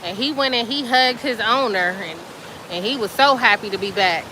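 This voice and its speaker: A woman host telling a story in a casual, chatty way, animated and colloquial with plenty of fillers. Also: a little high, normal speed, a little hiss or hum, rough recording.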